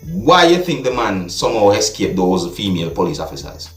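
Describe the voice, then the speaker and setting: A man with a Jamaican accent giving casual video commentary as a vlogger, often checking in with the listener through quick tag questions. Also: lowish voice, very animated. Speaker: vlogger commenting on a viral clip. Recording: echoey room with faint music.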